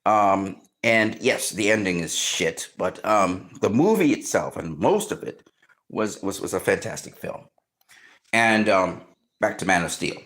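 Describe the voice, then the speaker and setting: A man in casual film commentary, excitedly retelling movie scenes, swearing often and acting out reactions. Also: sits low, unhurried.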